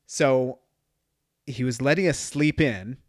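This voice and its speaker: Podcast dad guy in his 30s chatting about his kid, mid pitch, super dry close mic. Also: slow, dry recording. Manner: conversational storytelling with quoted dialogue. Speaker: podcast host. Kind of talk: solo podcast talk.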